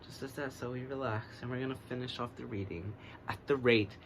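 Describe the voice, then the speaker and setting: An American man reading oracle cards in a relaxed, rambling way, speaking in a put-on English accent that he uses to get through a stutter. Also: medium pitch, brisk, a little hiss or hum. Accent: American trying an English accent. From United States. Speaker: oracle card reader. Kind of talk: casual divination reading.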